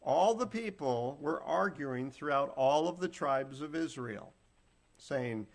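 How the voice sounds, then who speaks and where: A man's voice: fairly high pitch, lively intonation, unhurried, gravelly. A man preaching a Bible teaching sermon, retelling scripture in plain, folksy words and acting out the quotes.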